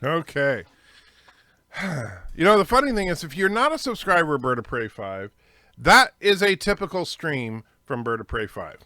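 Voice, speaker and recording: A man's voice: fairly high pitch, big pitch swings, moderate pace, bright, forceful tone, dry recording, clean studio sound. A man hosting a livestream, reading chat and giving chatty, opinionated commentary. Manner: opinionated, chatty, with fillers and restarts. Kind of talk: casual commentary.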